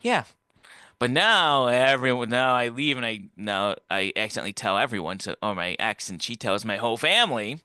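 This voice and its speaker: A man's voice: animated, brisk, few pauses, sharp tone, clear, resonant tone, no echo, clean studio sound. A man guest telling a rambling personal story in casual talk, acting out the voices he quotes. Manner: rambling, acts out quoted voices with big pitch jumps. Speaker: interview guest.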